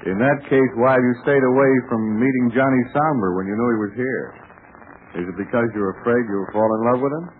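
An actor playing a confident young adventurer who coaxes and flatters, in 1940s radio acting. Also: male voice, mid-range voice, fairly quick, natural voice. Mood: coaxing. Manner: coaxing, flattering. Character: smooth, confident young male adventurer, coaxing. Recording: tinny old radio broadcast with faint hiss.

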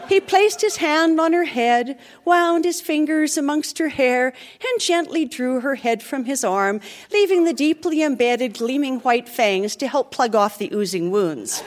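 A woman reads a twisted fairy tale aloud to a live theatre crowd in a mock-solemn, theatrical way. Her voice sits high and swoops animatedly through each sentence, with a show host's ease on stage. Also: slight background noise. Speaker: podcast host reading aloud. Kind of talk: live comic dramatic reading.

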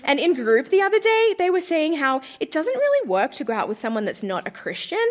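A woman's voice: high-pitched, very animated, brisk. A young woman on a theater stage reading her teenage diary aloud in a melodramatic way, often breaking into laughter. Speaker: reader at a live storytelling show.

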